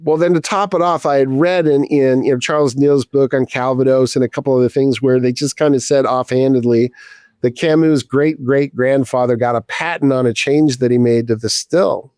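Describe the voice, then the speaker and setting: A man's voice: medium pitch, steady tone, normal speed, darkish tone, clean tone, dry recording, studio quality. A man in his fifties, a distiller guest, telling a casual story with a rambling flow, many restarts and casual swearing.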